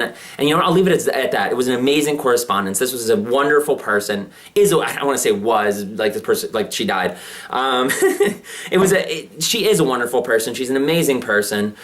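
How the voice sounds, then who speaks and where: A man's voice: mid-range voice, a bit bright. A man in his twenties, a vlogger, telling a personal story in a rambling way with many fillers and restarts. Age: 20s. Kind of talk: personal confessional vlog.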